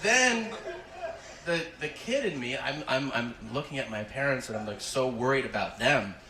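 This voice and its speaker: A man tells a stand-up story and laughs through his own lines. He acts out each person he talks about. His voice sits at a middle pitch and carries the echo of a live room. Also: expressive, normal speed, noisy background. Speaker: stand-up comedian.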